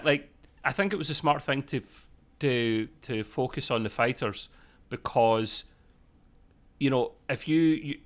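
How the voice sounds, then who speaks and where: A man's voice: medium pitch, a bit bright. Rambling man on a live show. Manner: rambling, self-correcting, jokey asides. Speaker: podcast co-host. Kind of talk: casual live episode discussion.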